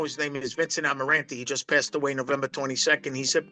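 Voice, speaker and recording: Bright-voiced older New man. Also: fairly high pitch, fast, hardly any pauses, soft background music. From Brooklyn, New York. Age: 60s. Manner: rambling, emphatic, many restarts. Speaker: poker pro guest. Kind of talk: storytelling interview.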